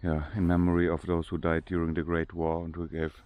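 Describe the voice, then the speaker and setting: A man's voice: low voice, completely flat delivery, fairly quick, darkish tone, smooth, no room sound. A man with a German accent narrating a casual walking tour outdoors, often restarting his sentences as he searches for English words. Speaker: vlogger. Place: outdoor cemetery.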